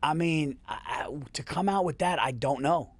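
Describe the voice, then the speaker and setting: A male podcast host talks in a loose, easygoing way. His voice sits a little high for a man, and the sound is dry and close with no room echo. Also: lively intonation, normal speed. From Yonkers, New York. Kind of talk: casual chat.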